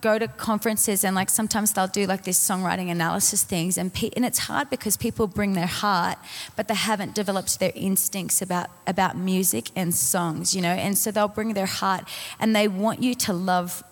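A woman's voice: mid-range voice, steady tone, normal speed, few pauses. A woman speaking casually on a songwriting panel, rambling with many fillers and laughing at herself. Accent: non-American (commented on). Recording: long hall reverb.

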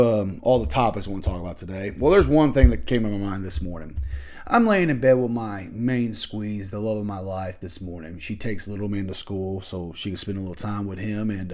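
A man's voice: on the low side, darkish tone. A man hosting his own podcast, talking casually and ranting bluntly with lots of swearing. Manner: loose and conversational with fillers. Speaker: podcast host. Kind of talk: casual solo podcast chat.

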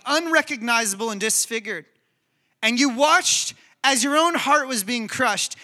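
A man with a notably high voice preaching a sermon. His tone is very bright and sharp, and he tells his stories in an animated, chatty, emphatic way. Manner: animated storytelling, conversational and emphatic. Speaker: pastor.

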